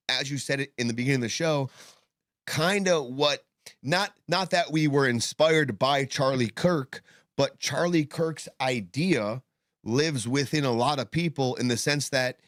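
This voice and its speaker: A man's voice: mid-range voice, a little slow, a bit bright, dry recording, clean studio sound. A man co-hosting a casual podcast discussion, rambling and swearing with many fillers and restarts, talking with tobacco in his mouth. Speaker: podcast co-host.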